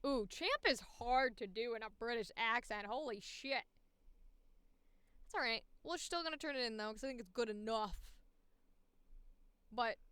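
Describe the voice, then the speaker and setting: A woman's voice: a little high, pushed and bright, smooth, no echo. A woman voice actor chatting casually through her audition session, critiquing her own takes. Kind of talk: live-streamed audition session.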